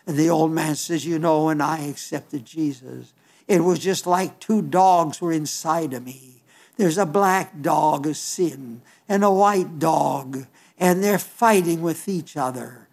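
A man's voice: a little high, slow, gravelly, a little mellow. An older man preaching a sermon in an earnest, folksy way, often repeating and restarting his phrases.

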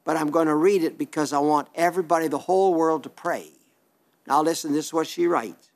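A man's voice: a little high, brisk, vocal fry. An older man from South Dakota, a radio preacher reading listener letters and giving a plainspoken, folksy sermon that rambles with restarts.

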